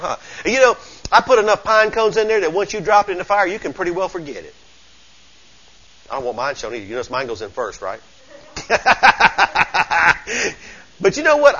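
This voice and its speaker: A man's voice: fairly high pitch, a bit bright, muffled recording. A man with a Southern accent preaching a sermon as pastor, folksy and emphatic, calling out to his congregation.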